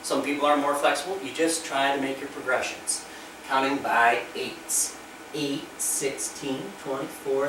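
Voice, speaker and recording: A male PE teacher leading stretches and counting aloud as he demonstrates the moves. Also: on the high side. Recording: echoey room from far off with noise.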